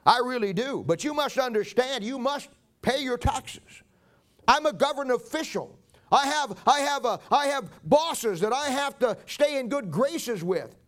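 A man's voice: very high-pitched, animated, unhurried, a bit bright, pitched above the performer's own voice, full character voice. A man preaching voices an apologetic but firm tax collector who stammers.

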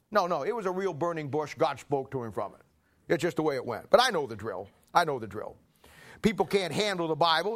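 Folksy preacher man, throat clearing. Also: a little high, fairly bright tone. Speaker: pastor. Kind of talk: sermon with personal anecdotes.

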